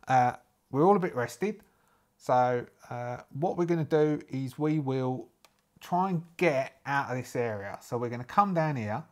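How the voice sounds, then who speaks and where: A man's voice: mid-range voice, animated, measured pace. Man from Ireland, casual solo-game narrator, rambling and thinking aloud, many fillers.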